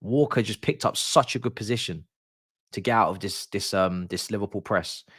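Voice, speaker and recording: A man's voice: lowish voice, normal speed, fairly bright tone, slightly rough, no room sound, clean studio sound. A man streaming a live watch-along, chatty and slangy, with casual commentary on the match. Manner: chatty, slangy, groans and repeats "no" when annoyed.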